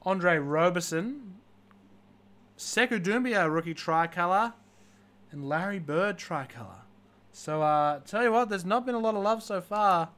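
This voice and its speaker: A man's voice: sits high, lively intonation, a little slow, fairly bright tone. A man hosting a live card-breaking stream, listing player names one after another and dropping joking asides.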